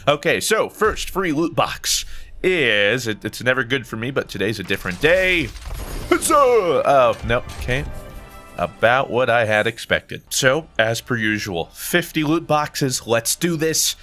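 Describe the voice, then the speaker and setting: A man's voice: medium pitch, unhurried, soft background music. A young American man commentating as he opens loot boxes, bursting into gasps, squeals and hummed tunes. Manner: animated, gasps and squeals at loot drops, sings and hums along. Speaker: gaming YouTuber. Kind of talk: excitable gameplay commentary.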